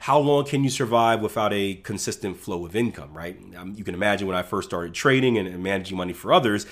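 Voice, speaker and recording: A man's voice: fairly low pitch, fast, a bit bright. A man who trades for a living, explaining backtesting in a casual, conversational teaching talk with frequent "right?" tags. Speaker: trading educator.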